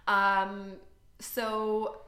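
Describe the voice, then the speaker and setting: A woman's voice: medium pitch, completely flat delivery, extremely slow, sharp tone. An American woman in her late twenties, co-hosting a podcast in a chatty, self-deprecating way with lots of fillers. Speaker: podcast co-host. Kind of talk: casual chat. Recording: echoey room.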